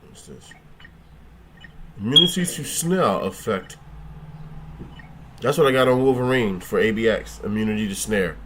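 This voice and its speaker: A man's voice: on the low side, expressive, moderate pace, pauses often, slight background noise. Joking, cursing man streaming a game. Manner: joking, profane, talks back to chat; thinks aloud, trailing restarts. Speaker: livestream gaming host. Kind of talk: casual gameplay livestream chat.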